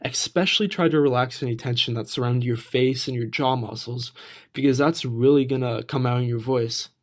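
A man's voice: mid-range voice, brisk. A man giving casual spoken tips on improving the voice, talking plainly with frequent fillers. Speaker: voice and social skills coach. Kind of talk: casual tutorial talk to camera.

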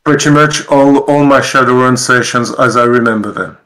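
A man with a French accent talks as a guest at a mid pitch. He hesitates and restarts often but stays easygoing. French is his first language. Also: moderate pace, fairly bright tone, low-quality recording. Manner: hesitant, many fillers, easygoing. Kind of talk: casual interview chat.

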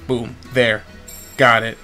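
A man's voice: medium pitch, flat delivery, slow, pushed and bright, faint music behind. A man with a stuffy nose giving casual, rambling gameplay commentary as a let's player, often stopping to restart his sentences. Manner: rambling, self-interrupting.

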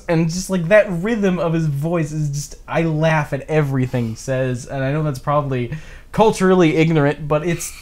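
A man's voice: a little high, normal speed. A man casually chatting and laughing a lot while playing a strategy game for a let's-play video. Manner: giggly, laughs often, animated storytelling. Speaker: gameplay commentator.

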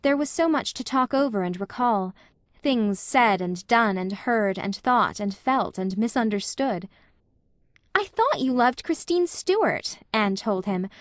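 A woman narrating a classic novel for an audiobook, in a measured, lyrical storytelling manner. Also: medium pitch, no echo, clean studio sound.

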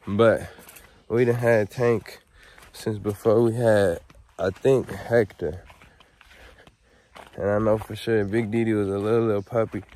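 A man vlogging outdoors on his rural property, talking in a laid-back, slangy way and calling loudly to his dog. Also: fairly low pitch, fairly even intonation, measured pace, pauses often. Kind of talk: casual outdoor vlog.

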